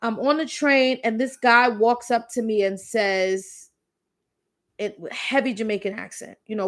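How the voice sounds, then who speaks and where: A woman in her thirties with a slightly high voice hosts a casual live Q&A. She talks candidly and chattily and leans on emphatic repeats as she spins anecdotes. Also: fairly even intonation, a little slow. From the Bronx, New York City. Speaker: host. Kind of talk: live Q&A chat with storytelling.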